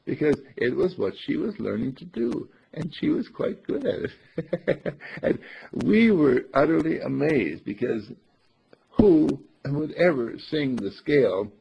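A man giving an earnest, deliberate lesson on speaking clearly. He often clears his throat and restarts his phrases. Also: on the high side, sing-song. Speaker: speech teacher. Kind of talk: instructive talk on clear speech. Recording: dull lo-fi recording.

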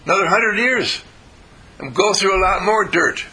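A man's voice: sits high, very animated, measured pace, pauses often, pushed and bright, slightly rough, rough recording. An older American man giving a rambling, folksy spiritual talk to students, full of fillers and restarts. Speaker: spiritual teacher. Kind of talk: informal sermon to students.

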